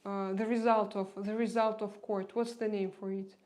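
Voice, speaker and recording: A woman's voice: mid-range voice, little pitch movement, moderate pace, a little mellow. A woman with a Russian accent hosting a casual livestream, chatting hesitantly with viewers and searching for words with many fillers. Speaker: livestream host.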